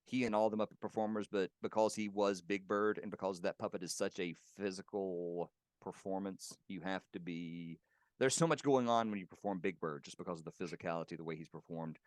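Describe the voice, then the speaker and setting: In a casual interview at home, a professional puppeteer appearing as a guest warmly reminisces about his colleagues, laughing now and then as he tells anecdotes. His voice is low and steady, and he talks fairly quickly. The sound is dry and studio quality.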